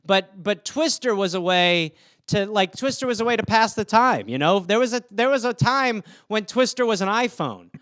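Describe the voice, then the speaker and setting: High-voiced man riffing comedically. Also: expressive, moderate pace, fairly bright tone, smooth, no room sound, studio quality. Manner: riffing, jumps into goofy character voices mid-sentence. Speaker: podcast host answering listener topics. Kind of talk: solo comedic rant.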